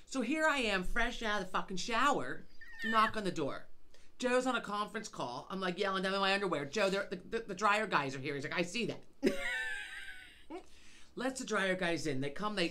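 A woman's voice: mid-range voice, animated, normal speed, pushed and bright, a little hiss or hum. A middle-aged woman co-hosting a podcast, telling a story in casual chat, exasperated and swearing often. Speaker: podcast co-host.

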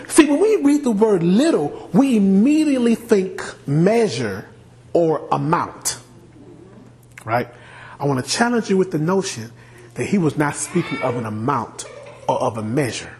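A male pastor preaching a sermon, animated, often asking the congregation questions. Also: sits high, moderate pace. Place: church sanctuary.

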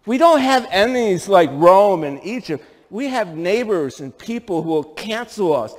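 Speaking at a moderate pace, this middle-aged upstate New York pastor delivers his sermon with a high, wide-ranging voice that bounces up and down. His animated storytelling is full of rhetorical questions for the congregation, and the church sanctuary gives him a long, ringing reverb.

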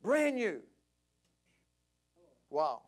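A man preaching a passionate sermon at a church service, climbing to near-shouts. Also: high-pitched, huge pitch swings, extremely slow. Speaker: pastor.

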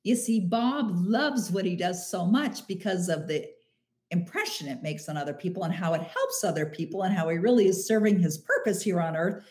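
A middle-aged woman hosting a motivational live stream, answering listener questions warmly and slowing down to stress key phrases. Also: lowish voice, animated. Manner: warm, emphatic, slows down on key phrases.

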